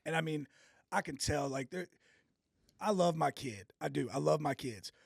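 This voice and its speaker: A man's voice: fairly high pitch, normal speed, vocal fry, dry recording, studio quality. A young man co-hosting a podcast, asking earnest questions with lots of fillers. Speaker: podcast co-host. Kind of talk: casual interview chat.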